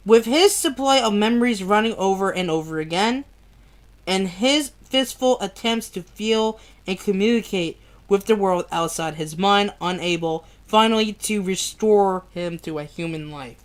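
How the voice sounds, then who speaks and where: A woman's voice: mid-range voice, moderate pace. A woman reading a book aloud on a stream, who trips over hard words, restarts them and swears and laughs at her own slips. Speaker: amateur reader.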